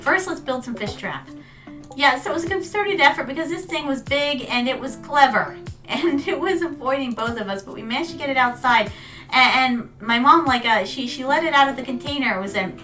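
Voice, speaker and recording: High bright-voiced woman streamer. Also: far from the mic. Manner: storytelling, calls viewers "my darlings". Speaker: VTuber streamer. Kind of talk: casual chat while gaming.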